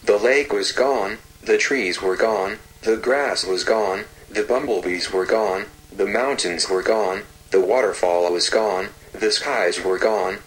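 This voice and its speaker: A man narrating a fairy tale slowly and gently, with repetitive storytelling phrasing. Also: on the low side, poor audio.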